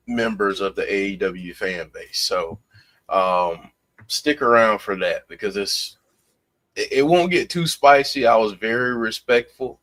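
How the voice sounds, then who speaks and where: A man co-hosting a wrestling podcast in casual chat, easygoing and polite, hedging with fillers. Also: mid-range voice. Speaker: podcast co-host.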